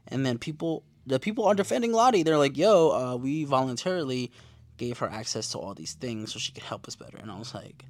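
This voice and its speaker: A man's voice: mid-range voice, a little fast, no room sound. Slangy young man recapping a show. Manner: slangy, animated, reads his own notes aloud. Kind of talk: casual episode recap.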